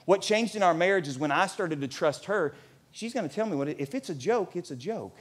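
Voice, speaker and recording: A pastor in his forties preaching a sermon in a church, animated and at times nearly shouting. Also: high-pitched, a little fast, slightly rough.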